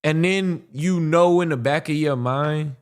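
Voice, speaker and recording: Male podcast host, unhurried, clear voice, animated profane reactions. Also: fairly high pitch. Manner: animated, profane, thinks aloud with restarts. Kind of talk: casual reaction commentary.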